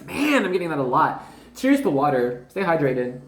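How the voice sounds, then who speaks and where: A woman's voice: sits low, very animated, normal speed. A woman giving a casual spiritual card reading, rambling and slangy, constantly talking to her viewers as "you guys.". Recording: roomy echo.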